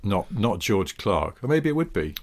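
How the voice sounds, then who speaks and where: A man's voice: fairly low pitch, very animated, moderate pace. A man co-hosting a comedy podcast, talking in a rambling, casual way full of 'sort of'. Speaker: podcast co-host.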